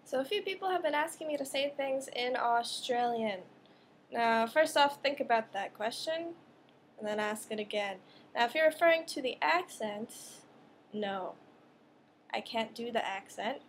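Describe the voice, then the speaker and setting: Young woman, vlogger, high-pitched, sarcastic rants, quick asides, faint noise. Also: lively intonation. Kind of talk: casual monologue to camera.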